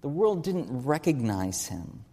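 A man's voice: mid-range voice, big pitch swings, slow pace, mellow, in a large hall. A man giving an earnest teaching sermon, stressing key words and asking rhetorical questions. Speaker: preacher.

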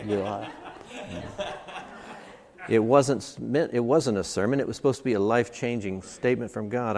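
A man preaching in a mid-pitched voice, pressing his points hard by stacking repeated phrases one after another. The sound rings with a long hall reverb, as if at a church service. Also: brisk, darkish tone. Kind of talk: sermon.

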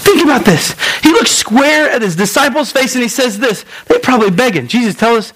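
A man in his thirties with a fairly high voice preaches to his congregation. His delivery is earnest and personal, and it leans into emotion. He repeats phrases to drive his points home. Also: expressive, fairly quick, fairly bright tone, low-quality recording. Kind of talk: sermon. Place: room with a live congregation.

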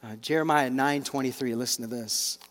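A man's voice: mid-range voice, brisk. A middle-aged man preaching a sermon as a pastor, talking in a loose, conversational way with asides and repeated words. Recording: long hall reverb.

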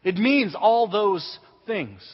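A man's voice: high-pitched, takes it slowly, slightly rough. A man preaching a sermon, telling a childhood story with acted-out voices before teaching on faith. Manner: animated storyteller, acts out quotes. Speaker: pastor. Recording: dull reverberant hall recording.

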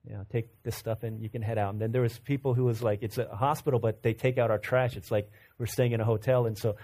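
A man's voice: medium pitch, fairly even intonation, fast talker, dark tone. A male pastor preaching a sermon in a conversational storytelling way, often repeating and restarting words as he builds to fervent points.

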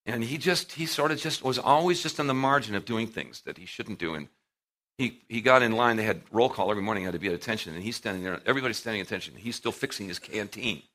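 A middle-aged man preaching a sermon to a live audience, telling stories with animated swings in volume and acting out what people said. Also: on the low side, quick pace. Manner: animated storytelling, acting out quotes with big swings in loudness.

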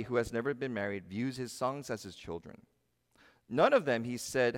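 A man preaching a sermon with an animated, emphatic delivery and a mid-range voice. He asks his listeners rhetorical questions, and his words carry a long reverb through a church hall. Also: medium pitch. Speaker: pastor.

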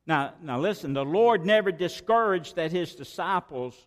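A man's voice: on the high side, animated, moderate pace, long reverb tail. A man preaching a sermon, emphatic and repeating key phrases for weight. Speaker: pastor.

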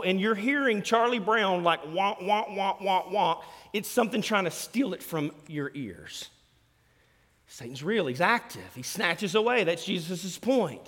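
A male pastor preaching a sermon, animated, swinging between loud bursts and hushed asides. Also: a little high. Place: church hall. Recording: long hall reverb.

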